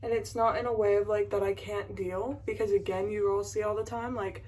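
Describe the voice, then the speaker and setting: A woman's voice: mid-range voice, steady tone, brisk, a little mellow, rough recording. A woman in her twenties chatting casually to a phone camera at home, rambling with lots of fillers and emotion. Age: 20s. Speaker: vlogger. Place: at home, indoors.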